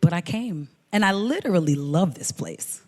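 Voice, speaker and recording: Lively woman telling stories in a reverberant hall. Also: on the low side, normal speed. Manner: lively storyteller, quotes people in voices. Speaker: guest musician. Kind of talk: artist talk conversation. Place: hall at a museum.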